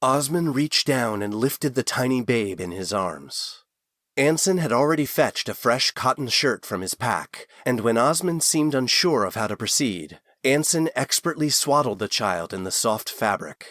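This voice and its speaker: Male audiobook narrator, lively pitch, dry close recording. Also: unhurried, no echo. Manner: expressive storytelling. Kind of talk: scripted narration.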